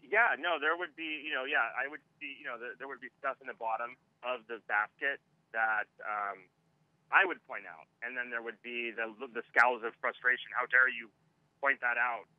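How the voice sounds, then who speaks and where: A man's voice: mid-range voice, steady tone, moderate pace, no room sound. Hesitant man on a tinny phone line. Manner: hesitant, many fillers and restarts. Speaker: caller. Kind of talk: phone call to radio show.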